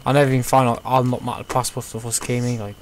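A man's voice: mid-range voice, level tone, rapid-fire, a little hiss or hum. A young man playing a horror game, nervous and jumpy, swearing and gasping as he goes. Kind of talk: casual gameplay commentary.

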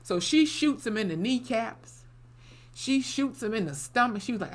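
A woman's voice: medium pitch, very animated, brisk. A woman casually recapping a TV episode, blunt and salty, with many "you know" fillers. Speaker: TV episode reviewer.

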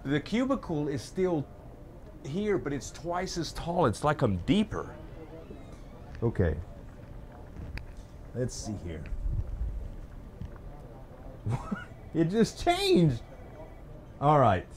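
A man with a drawl gives casual let's-play commentary, his pitch swinging widely as he talks to the viewers and to things on screen. Laughs slip in as he chats along. A steady layer of background noise hums behind him. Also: takes it slowly, long pauses. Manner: animated, talks to viewers and objects, nervous laughs. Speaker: gaming YouTuber.

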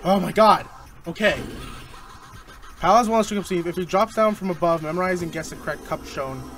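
A young man hosting a gaming channel, giving excitable, easily frustrated commentary while he plays. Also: sits high, normal speed, soft background music. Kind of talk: let's-play commentary.

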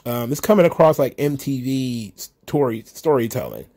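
A man's voice: mid-range voice, expressive, normal speed, darkish tone, slightly rough. A man hosting a solo recap show, ranting in an exasperated, profane, casual way. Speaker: wrestling commentary host.

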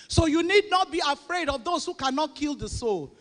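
A woman's voice: sits high, expressive, normal speed. Woman preaching in a reverberant church. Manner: call-and-response preaching, often rising to shouts. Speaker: pastor. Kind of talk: sermon. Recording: long reverb of a large church hall.

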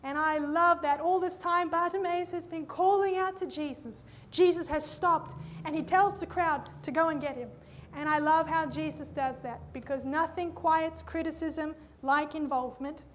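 A woman's voice: sits high, normal speed, slight background noise. A woman preaching a sermon, telling a story and speaking directly to her listeners as friends. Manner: lively storyteller who acts out both sides of conversations; addresses the audience directly with "friends" and "Amen?".

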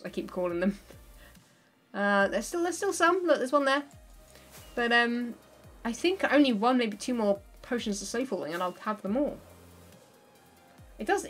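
A woman chatting casually on a livestream while she plays, laughing often and thinking aloud. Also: on the high side.

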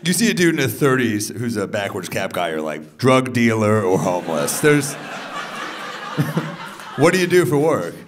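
A man in his thirties doing stand-up crowd work on a club stage, teasing audience members with quick, profane banter. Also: medium pitch, very animated, noisy background. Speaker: stand-up comedian. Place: large comedy club stage before a live audience. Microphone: handheld stage mic. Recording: live club recording with crowd laughter.

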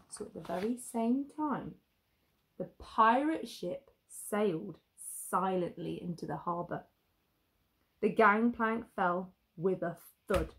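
A woman teacher reading a picture book aloud to children, expressive and stopping to ask the listener questions. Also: mid-range voice.

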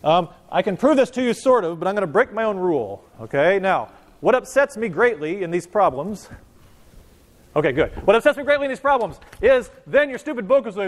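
A man teaching a university physics lecture, animated and joking as he talks to his class. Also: high voice, brisk. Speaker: physics professor. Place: lecture hall. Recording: reverberant lecture hall.

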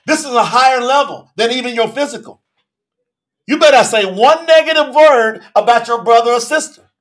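High, bright-voiced preacher man. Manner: emphatic, questions the congregation directly, colloquial. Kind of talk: sermon.

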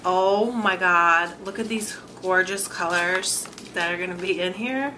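A woman's voice: on the low side, measured pace. Gushing woman beauty vlogger, noisy recording. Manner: gushing, gasping, many "oh my god"s. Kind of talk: excited unboxing vlog.

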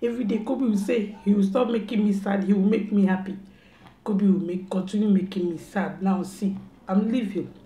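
A young mother talks at home in a mellow, darker voice, scolding and repeating herself in a mock-stern tone. The room is echoey and roomy. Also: medium pitch, steady tone, normal speed. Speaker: mother and vlogger. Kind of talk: casual family prank talk.

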